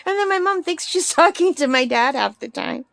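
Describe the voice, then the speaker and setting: A woman's voice: high-pitched, animated, normal speed, creaky, fairly bright tone, no echo, studio quality. A middle-aged woman talking casually and rambling as she works on a craft vlog, laughing often. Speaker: craft vlogger.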